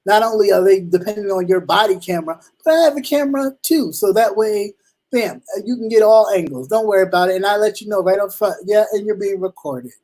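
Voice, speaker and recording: A man hosting a talk show in casual commentary, slangy and animated, acting out little exchanges, with halting restarts. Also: high-pitched. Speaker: show host.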